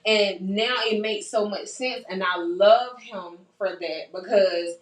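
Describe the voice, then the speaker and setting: A young woman talks in an easy, earnest way, urging listeners on and repeating key points. Her voice sits at a middle pitch. It is heard from some distance in a roomy, echoing space. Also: slow pace. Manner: earnest, encouraging, repeats herself for emphasis. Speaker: podcast host. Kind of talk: casual chat. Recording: roomy sound from a distant mic.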